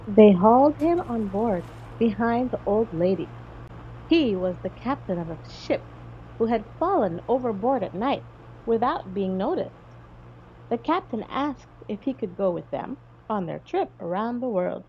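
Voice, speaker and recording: Woman storybook narrator: high-ish voice, very animated, unhurried, in a slightly dull recording. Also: slight background noise. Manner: slow, expressive read-aloud. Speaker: audiobook narrator. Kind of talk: children's storybook reading.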